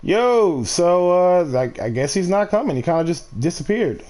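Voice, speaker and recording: A man streaming a game and ranting in a loose, profane ramble, often restarting his sentences. His voice sits a little high, with a mellow, dark tone. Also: sing-song, normal speed. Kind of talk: casual ranting while gaming.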